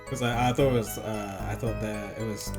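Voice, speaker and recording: A woman's voice: very deep voice, steady tone, normal speed, music in the background. A woman streaming a game, chatting casually with playful asides. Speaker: gaming streamer. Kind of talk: casual live-stream commentary.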